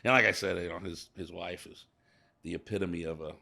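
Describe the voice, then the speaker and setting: Gravelly low-voiced St. man. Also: steady tone, bright, forceful tone. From St. Louis, USA. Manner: halting, repeats words, emotional and earnest. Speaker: business owner guest. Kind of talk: casual interview.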